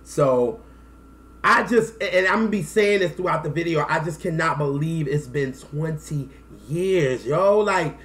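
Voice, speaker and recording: A man in his thirties telling a personal story to camera in a casual, animated way, acting out quotes and close to tears. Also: fairly high pitch, unhurried. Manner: animated, acts out quotes, slangy. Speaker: music vlogger.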